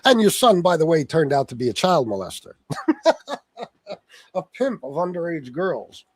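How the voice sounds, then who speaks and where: A man with a fairly high voice that leaps up and down hosts a livestream, firing off a profane, taunting rant. He talks straight into a close microphone, and the sound is dry with no room around it. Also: very animated, fairly quick, husky, no echo. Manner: profane, taunting, insults someone by name. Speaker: livestream host.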